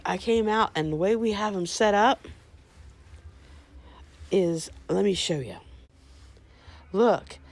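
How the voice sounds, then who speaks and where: A woman showing her new rabbits outdoors beside the hutches on her farm, chatting casually to the camera and cooing softly at the animals. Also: mid-range voice. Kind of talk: casual vlog walk-through.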